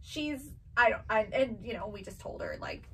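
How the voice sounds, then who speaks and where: A woman's voice: medium pitch, wildly swooping pitch, fairly quick, pushed and bright, distant mic, slight background noise, poor audio. A woman in her thirties chatting casually as a seller and mother, telling family stories and acting out her children's voices. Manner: chatty storytelling, acts out her kids' voices. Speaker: vintage box seller and mother. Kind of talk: casual chat.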